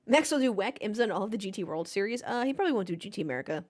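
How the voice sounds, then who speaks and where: Talking rapid-fire in an animated, mid-range voice, a woman hosts a race watchalong stream from her desk mic. She's playful and chatty, joking and replying to live chat.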